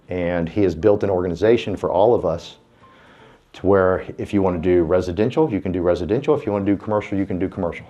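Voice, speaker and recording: A man's voice: sits low, mellow, highs cut off. A man giving a folksy, fired-up motivational speech to a room of real estate agents, urging them on like a preacher. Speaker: real estate team speaker. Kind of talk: motivational speech to a live audience.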